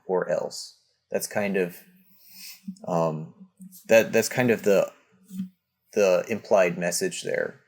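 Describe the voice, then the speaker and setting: Low-voiced man explaining parenting. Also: gravelly. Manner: explanatory, many restarts, acts out example dialogue. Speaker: parenting guest. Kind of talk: conversational interview.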